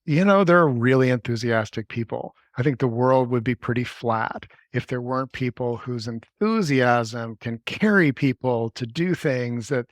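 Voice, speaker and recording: A hesitant man co-hosting a workshop, thinking aloud with stops and fillers. His voice is mid-pitched and recorded dry and close. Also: animated, moderate pace, hardly any pauses, no echo. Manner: hesitant, thoughtful, many fillers. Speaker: workshop co-host. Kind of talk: casual teaching talk.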